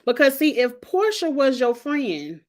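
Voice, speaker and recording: A woman's voice: sits high, big pitch swings, measured pace, darkish tone. A woman in her forties giving sassy, candid commentary in a casual vlog, playfully shady and chatty. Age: 40s. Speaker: vlogger reviewing reality TV fashion.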